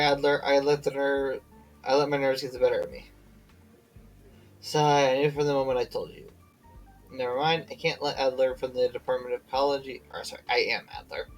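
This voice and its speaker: A man's voice: mid-range voice, poor audio. Tired man reading game lines aloud. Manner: reads aloud with slips and self-corrections, breaks off to chat. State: tired and yawning. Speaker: streamer. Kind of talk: reading game dialogue aloud on a live stream.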